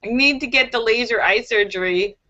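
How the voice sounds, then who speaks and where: A chatty woman hosts a casual live stream, reading comments and breaking into giggles. Her voice is fairly high and bright. The webcam audio sounds dull and lo-fi. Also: brisk. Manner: giggly, chatty, tells jokes.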